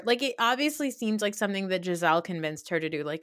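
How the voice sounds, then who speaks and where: A woman's voice: mid-range voice, animated, fairly quick, hardly any pauses, fairly bright tone. A woman co-hosting a podcast who chats casually about reality TV, swearing bluntly and using lots of fillers. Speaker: podcast co-host.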